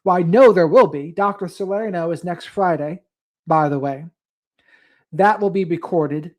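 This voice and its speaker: Talking loosely into a desk mic, a late-night livestream host reads audience comments aloud and wanders off into side topics. The mid-range voice is easygoing and chatty at a moderate pace, and the whole thing rambles casually.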